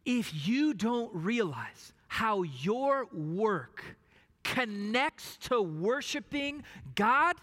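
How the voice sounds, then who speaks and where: A pastor preaching a sermon emphatically, dropping at times to a hushed voice. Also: male voice, high-pitched, big pitch swings, slow. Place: church sanctuary. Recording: long reverb of a large hall.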